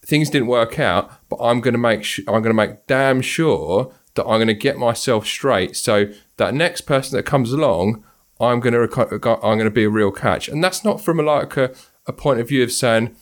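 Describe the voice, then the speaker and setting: A man's voice: medium pitch, moderate pace. A man hosting an interview podcast, talking thoughtfully with frequent restarts. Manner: thoughtful, hesitant with many restarts. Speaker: podcast host. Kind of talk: conversational interview.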